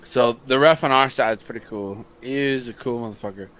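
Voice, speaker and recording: On a laid-back late-night podcast, a young man who coaches high school football spins a long, profane story at a brisk clip, voicing the words of the others involved with plenty of animation.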